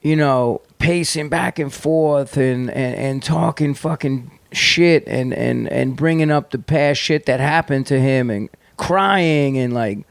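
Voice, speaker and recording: A gravel-edged, middle-aged man with a New York accent tells rough stories from his past, cursing freely and circling back with restarts and fillers. He speaks into a close podcast mic with no room echo. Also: mid-range voice, slow pace, few pauses. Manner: profane, rambling, restless with many fillers and restarts. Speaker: podcast guest, punk band singer. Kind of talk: candid storytelling in conversation.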